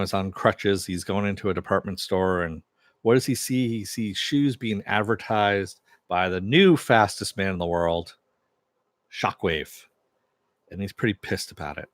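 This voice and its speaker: A man's voice: on the low side, a bit bright, dry recording, clean studio sound. A man casually recapping a TV episode, retelling scenes loosely with lots of fillers and quoted lines. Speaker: TV show reviewer.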